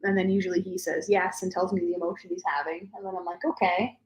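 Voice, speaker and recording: A woman's voice: on the low side, flat delivery, quick pace, darkish tone. A woman in her forties talking casually as a podcast host, telling stories in a chatty way with many "like" fillers. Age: 40s. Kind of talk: casual chat. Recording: roomy echo.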